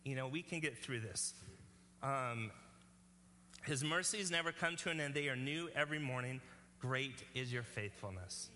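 A man's voice: medium pitch, moderate pace, bright, forceful tone, in a large hall, a little hiss or hum. A male pastor preaching a sermon in an earnest, conversational way, often checking in with the congregation.

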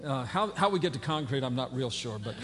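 A man's voice: medium pitch, animated, a little fast, fairly bright tone, long reverb tail. A man preaching a sermon as pastor, conversational and folksy, with fillers and playful asides. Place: church sanctuary.

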